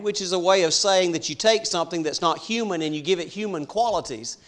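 A man preaching a sermon, swinging from hushed to loud and slowing down on key words. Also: high-pitched. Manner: dramatic swings from soft to loud, slows for emphasis.

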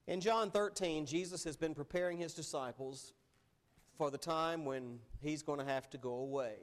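A man's voice: fairly high pitch, moderate pace. A man preaching a sermon in an earnest, conversational way, his emphasis rising and falling as he goes. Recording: long hall reverb.

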